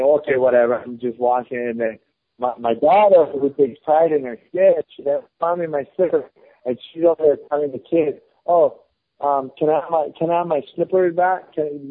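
A man in his thirties telling a story in a casual chat, blunt, heated and swearing often. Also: fairly high pitch. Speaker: podcast guest. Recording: phone-like lo-fi podcast audio.

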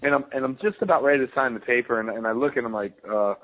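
A former fighter, medium in pitch and quick in delivery, shares casual anecdotes during a phone call where he's the guest. His storytelling wanders and restarts, all heard through a thin, tinny line.

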